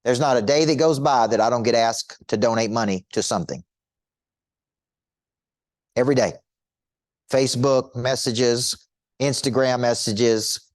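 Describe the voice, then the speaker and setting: A man's voice: medium pitch, measured pace, pauses often, dry recording, studio quality. A middle-aged man coaching an audience in a motivational teaching talk, emphatic and repetitive, firing rhetorical questions at listeners.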